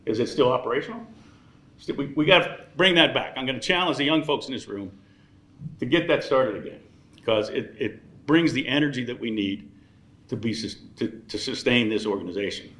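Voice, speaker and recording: A man's voice: medium pitch, fairly quick, a bit bright. Wisecracking man in his sixties, echoey hall. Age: 60s. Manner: wisecracking, teasing the audience. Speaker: dinner emcee. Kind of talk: joking dinner speech. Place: large banquet room.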